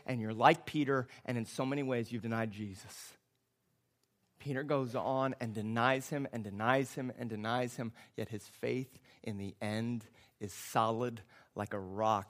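A man preaching a sermon as a pastor, with emphatic, repetitive phrasing that builds to loud, impassioned passages. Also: medium pitch, fairly even intonation, normal speed.

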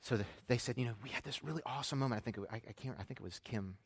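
A man in his thirties preaches in a church, his mid-range voice carrying long reverb through the hall. He tells stories conversationally, dropping to quiet asides and then rising to loud, emphatic points. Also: medium pitch, racing, breathy edge. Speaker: pastor. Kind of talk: sermon.

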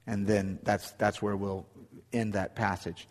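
A man's voice: lowish voice, level tone, unhurried, long reverb tail. A middle-aged man preaching a sermon, telling a personal story earnestly with frequent restarts. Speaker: pastor.

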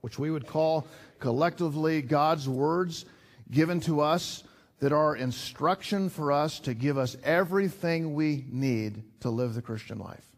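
Earnest middle-aged male preacher. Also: a little high. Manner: earnest, conversational preaching with pauses and repeats. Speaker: pastor. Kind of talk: sermon.

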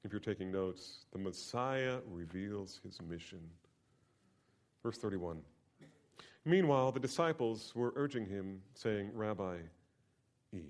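A male pastor preaching a sermon, asking rhetorical questions and moving from quiet lines to emphatic ones. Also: lowish voice, expressive, a little slow.

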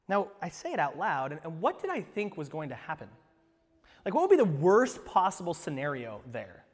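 A male pastor delivering a sermon, telling stories animatedly and swinging from hushed to loud. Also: a little high, vocal fry, long reverb tail.

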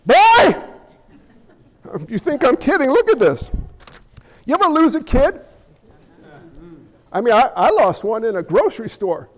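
A man preaching a sermon as pastor in an animated, conversational way with jokey asides. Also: very high voice, moderate pace, long pauses, in a large hall.

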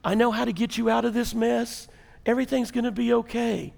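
A man voicing a calm male air traffic controller in a soft, reassuring tone. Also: high-pitched, a little slow, creaky, breathy edge, heavily acted. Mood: soothing. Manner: soothing, hushed and reassuring.

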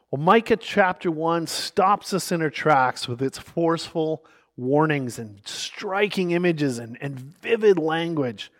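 High-voiced and measured in pace, a male pastor reads scripture and moves on to illustrative stories with lively intonation. He alternates quiet, hushed moments with emphatic stresses.

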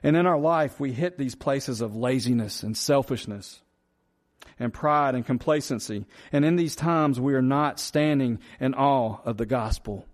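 A man's voice: medium pitch, measured pace. A man preaching a sermon, earnest and repetitive, asking the congregation rhetorical questions. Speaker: pastor.

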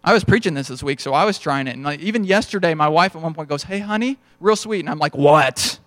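A young man preaches in a relaxed, storytelling way, slipping into little snippets of dialogue as he goes. His voice sits a bit higher than most men's, and the sound is dry and close, with no room echo. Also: fast. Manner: conversational storytelling, acts out dialogue. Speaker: pastor. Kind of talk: sermon.

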